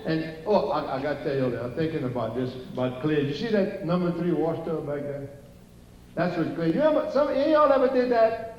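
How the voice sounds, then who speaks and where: An older Cajun man spins folksy jokes from a theater stage, chatting with the crowd as he goes. His voice sits a bit high for a man. The sound is distant and roomy, with a dull, muffled quality. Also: very animated, fairly quick, slight background noise. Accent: Cajun Louisiana. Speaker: stand-up storyteller. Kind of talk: live stand-up comedy. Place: theater stage before a live audience.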